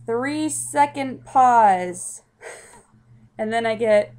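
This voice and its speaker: A woman's voice: a little high, takes it slowly, darkish tone. Young woman, casual storytelling, rambling, lots of fillers. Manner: chatty, rambling, with many fillers and restarts. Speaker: vlogger telling a personal story.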